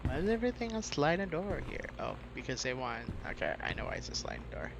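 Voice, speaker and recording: A man's voice: fairly high pitch, wildly swooping pitch, fast, creaky, heavy background noise. A man streaming a game, chatting, joking and thinking aloud as he plays. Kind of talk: casual gameplay commentary. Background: game music.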